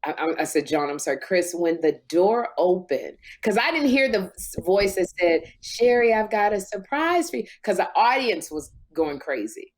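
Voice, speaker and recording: A woman in her fifties, a talk show host, telling an emotional story in casual podcast chat, jumping high in pitch when she quotes herself. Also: expressive, moderate pace, few pauses. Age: 50s.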